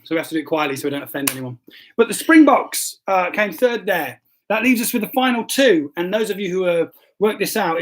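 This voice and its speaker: Man, high voice, pastor host, joking, self-deprecating, stumbling over words. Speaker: pastor hosting a live stream. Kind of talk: casual livestream chat, reading quiz results.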